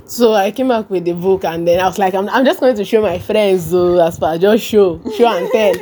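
A woman's voice: mid-range voice, moderate pace, hardly any pauses. A young woman with a Nigerian accent, telling a story in casual conversation, repeating her phrases and acting out what people said. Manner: animated, repeats phrases and acts out quoted speech. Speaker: podcast guest.

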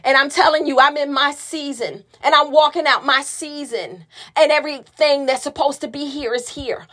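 A woman with a notably high voice hosts her own faith podcast. She preaches her testimony with fervor. She stacks repeated phrases in a steady sermon cadence. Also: moderate pace. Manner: fervent, repetitive preaching cadence. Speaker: podcast host.

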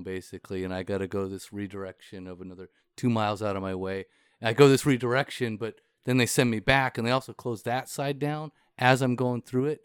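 A man's voice: lowish voice, clean tone, dry recording, studio quality. A man co-hosting a podcast, telling a long personal story with lots of swearing, laughter, fillers and restarts. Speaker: podcast co-host.

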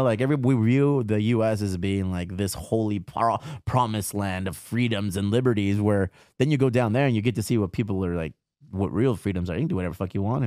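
A man's voice: on the low side, no echo, clean studio sound. A man, co-hosting a podcast and telling stories in a casual, profane way. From United States. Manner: profane, animated storytelling. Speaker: podcast co-host. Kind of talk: casual chat.

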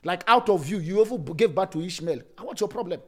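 A man preaching as a pastor, repeating phrases for emphasis, and swinging between loud emphatic lines and soft, laughing asides. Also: high voice, lively intonation, fast talker. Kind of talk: sermon.

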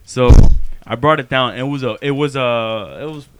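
A man's voice: medium pitch, moderate pace, a bit bright, smooth. A young man telling a story in casual chat, slangy and laid-back, often repeating his words.

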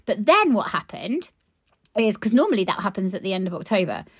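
Animated woman telling farm stories. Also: medium pitch, breathy edge, no echo, clean studio sound. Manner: chatty, animated storytelling with quick asides and laughter. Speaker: podcast co-host, flower farmer. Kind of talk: casual chat.

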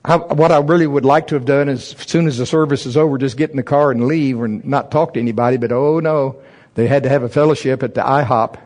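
A man preaching a sermon to a congregation, telling a personal story with humor and laughing through it. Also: fast. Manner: animated, voice jumps high and loud in excited retellings; humorous, laughs through his own stories. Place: church service before a congregation.

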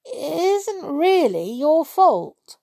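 A woman's voice: high-pitched, sing-song, very slow, vocal fry, warm tone, no echo, clean studio sound, voice pushed up, exaggerated voice. Woman doing a fussy, apologetic fairy.

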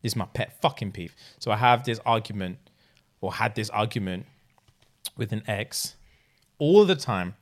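A man's voice: lowish voice, normal speed, long pauses. A young man, ranting in casual podcast chat, slangy and full of swearing. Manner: profane, animated ranting, slangy.

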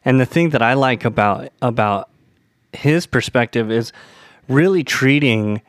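A man's voice: medium pitch, measured pace, no echo, studio quality. A man co-hosting a parenting podcast, a father who tells stories casually and acts out the voices of the people in them. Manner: acts out quoted voices, laughs at own story. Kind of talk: casual storytelling chat.

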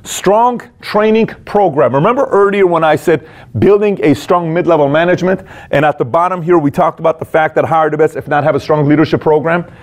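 Man, fairly high-pitched voice, business leader, motivational lesson, direct, punchy, rhetorical questions. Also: quick pace. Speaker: business leader teaching management.

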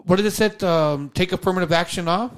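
High-pitched male co-host, animated and exasperated, casual rant. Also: quick pace, clear, resonant tone. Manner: animated, exasperated, mocking asides. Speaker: podcast co-host. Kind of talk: casual ranting chat.

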